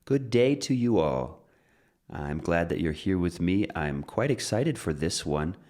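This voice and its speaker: A man teaching an English pronunciation lesson, upbeat and explaining step by step, reading short rhymes in a steady beat. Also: sits low, measured pace.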